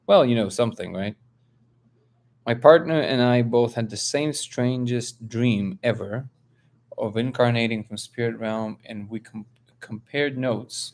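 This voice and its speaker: A man from Russia hosting a casual live stream, reading viewer comments aloud and telling a story with lively, high-pitched quotes of other people. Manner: animated storyteller, jumps up in pitch when quoting others. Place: home, living in LA.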